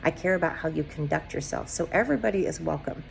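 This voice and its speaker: A woman's voice: sits low, vocal fry, faint music behind. A woman hosting a solo podcast, ranting passionately in a rambling monologue full of rhetorical questions. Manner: impassioned ranting with rapid-fire rhetorical questions; rambling, self-described digressive. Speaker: podcast host.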